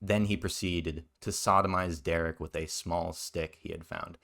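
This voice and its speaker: Male reaction commentator, very low voice, blunt and scornful, sarcastic. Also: steady tone, normal speed, vocal fry, fairly bright tone. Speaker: commentary youtuber.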